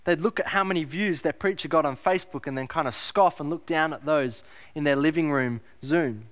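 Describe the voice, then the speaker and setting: A man's voice: on the high side, a little fast, fairly bright tone. Emphatic man preaching a sermon. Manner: emphatic, repeats key phrases, rhetorical questions. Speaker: pastor.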